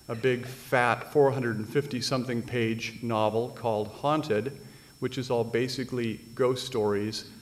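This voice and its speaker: Wry middle-aged man telling stories. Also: medium pitch. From United States (Washington State). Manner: dry, wry storytelling with deadpan punchlines. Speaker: author. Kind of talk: reading and storytelling at a live literary event.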